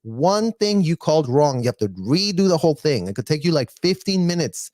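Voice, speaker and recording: A man giving casual, blunt reaction commentary, animated and mocking, with mild profanity. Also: a little high, a little fast, dry recording, clean studio sound. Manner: animated, mocking, mimics others in exaggerated voices. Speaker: live reaction streamer.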